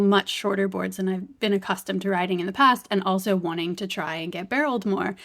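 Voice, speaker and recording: A woman from Florida hosting a podcast, talking thoughtfully and candidly about her own fears. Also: mid-range voice. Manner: thoughtful, candid, laughs easily. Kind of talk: reflective interview talk.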